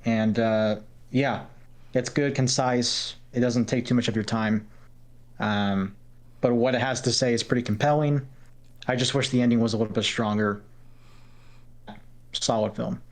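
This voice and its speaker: Male podcast co-host, smooth resonant voice, frank and measured reviewer. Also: medium pitch, fairly even intonation. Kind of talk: casual film review chat.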